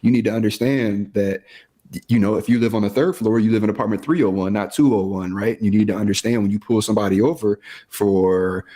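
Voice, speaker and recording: A man with a fairly low voice talking on a podcast. He is emphatic and quick to agree, and he hammers his points home by repeating them in casual, plain speech. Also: steady tone, mellow. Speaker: podcast co-host and police officer. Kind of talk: casual chat.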